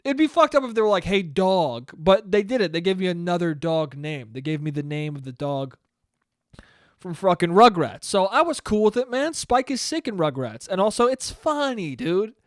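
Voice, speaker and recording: A young man telling a rambling, profane story alone on his podcast, bursting into loud outbursts. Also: sits high, sing-song, moderate pace, no room sound, studio quality. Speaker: podcast host. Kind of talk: solo podcast monologue.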